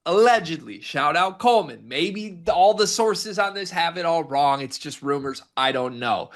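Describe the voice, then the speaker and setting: A man co-hosting a casual sports talk show, animated and lifting his pitch for emphasis. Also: normal speed, few pauses. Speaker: sports podcast co-host.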